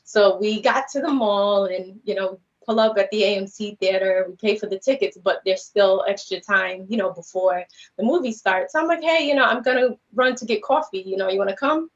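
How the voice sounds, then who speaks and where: A woman's voice: medium pitch, normal speed. A woman guest speaker earnestly retelling a personal story on a podcast, rambling and peppered with "you know" and "like". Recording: slightly dull lo-fi livestream audio.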